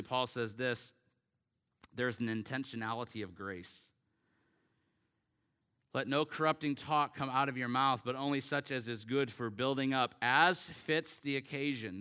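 A male pastor delivers a sermon with an earnest, emphatic manner. His voice is bright and forceful, sitting at an ordinary middle pitch. He draws out the scripture readings slowly for weight. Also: smooth.

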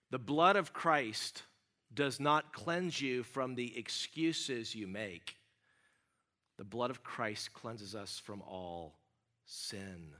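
A middle-aged male pastor preaching a sermon, dropping to a hush and rising to loud cries as he acts out quoted prayers. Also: mid-range voice. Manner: emphatic, swings from hushed to loud, voices quoted cries.

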